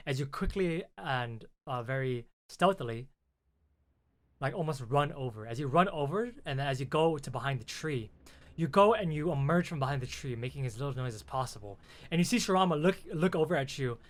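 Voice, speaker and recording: A man running a tabletop game as game master, narrating in a halting way with many restarts. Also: mid-range voice, a bit bright.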